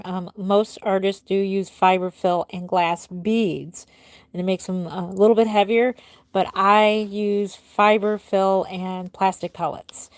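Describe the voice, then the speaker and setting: A woman in her forties chats on a doll-making livestream and answers comments as they come in. Her voice sits at a medium pitch and sounds a bit tired. The sound is close and dry, with no room echo. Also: smooth. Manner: chatty, reads out and answers viewer comments. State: tired, yawning. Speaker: doll artist hosting a livestream. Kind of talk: casual livestream chat.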